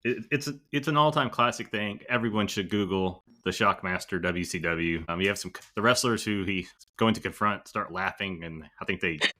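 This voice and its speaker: Podcast dude telling a story, lowish voice but bright and sharp. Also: male voice, fairly quick. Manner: storytelling, easygoing, laughs while telling. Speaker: podcast co-host. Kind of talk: casual chat.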